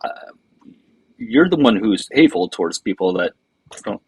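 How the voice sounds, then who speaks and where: A man's voice: on the low side, sing-song, moderate pace, husky, dry recording, low-quality recording. A man hosting a live stream, reading viewer comments aloud in a loose, rambling way. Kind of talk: casual live-stream chat.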